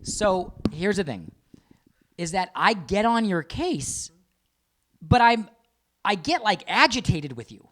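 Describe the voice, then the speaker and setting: A middle-aged man co-hosting a podcast in casual chat, animated and swearing freely, sometimes slipping into jokey put-on voices. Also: high-pitched, slow, pauses often, slight background noise. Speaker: podcast co-host.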